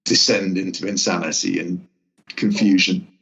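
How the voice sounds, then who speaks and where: Give me a wry Welshman from Newport with a low voice and a dull, lo-fi sound. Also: fairly even intonation, moderate pace, gravelly, a bit bright. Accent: South Welsh, Newport. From Wales. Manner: wry and teasing, drifts between an English and a Welsh lilt, swears. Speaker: guest musician. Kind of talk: casual chat.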